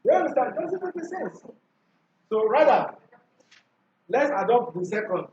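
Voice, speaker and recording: High-pitched guy teaching a class, keeps firing questions back at students, echoey distant lo-fi sound. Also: sing-song, a little slow, darkish tone, slight background noise. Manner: quizzing students, repeating questions. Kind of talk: classroom revision lesson. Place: school classroom. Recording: echoey classroom from far off, dull and lo-fi.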